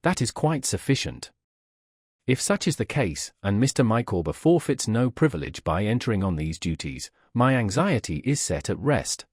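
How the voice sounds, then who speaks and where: A man's voice: lowish voice, very animated, normal speed, husky, no room sound, clean studio sound. A man reading the part of a pompous, insistent middle-aged wife in an audiobook, speaking in a grand, formal, emphatic way. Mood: affable.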